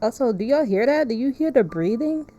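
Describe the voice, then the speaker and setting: Playful, mellow-voiced woman streamer. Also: animated, brisk. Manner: playful and chatty, laughs often, reads narration in a lowered soft voice. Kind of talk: casual live-stream chat and reading game text.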